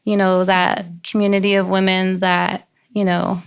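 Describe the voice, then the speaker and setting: A woman's voice: medium pitch, level tone, unhurried, vocal fry. A young woman, a model, speaks on a casual podcast. She is grateful and playful, and she leans on filler words as she pays tribute to someone who has supported her. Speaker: model, guest.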